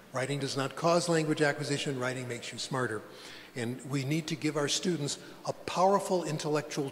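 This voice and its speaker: An older man giving a conference lecture to language teachers, plain and conversational with pointed asides. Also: a little high. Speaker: conference plenary speaker. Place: large conference hall. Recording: long hall reverb, faint background noise.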